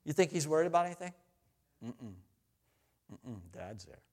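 A middle-aged man preaching a sermon, telling family stories in a conversational way, rising to loud exhortation and falling to soft, tender asides. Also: a little high, big pitch swings, moderate pace. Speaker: pastor.

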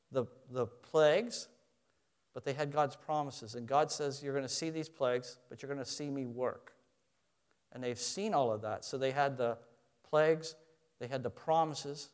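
A man preaching a sermon in an animated way, rising loud and then dropping quiet, asking his listeners questions. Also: mid-range voice, smooth. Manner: asks the audience questions. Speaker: pastor.

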